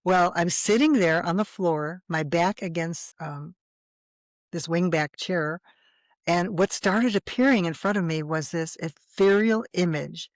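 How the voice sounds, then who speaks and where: A woman guest in an interview, telling her personal story in a lively, animated way. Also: lowish voice, unhurried, no echo.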